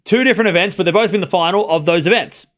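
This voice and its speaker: A young man streaming live tennis play-by-play to his chat, excitable, swinging from quiet muttering to shouting. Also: sits high, rapid-fire.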